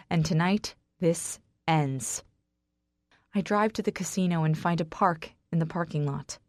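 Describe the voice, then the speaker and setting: A woman narrates a first-person audiobook with a low-pitched voice. Her dramatic, emotional delivery pushes into raised dialogue. The recording is close and dry, with no room sound. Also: dry recording. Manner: dramatic, emotional reading that swings into shouted dialogue.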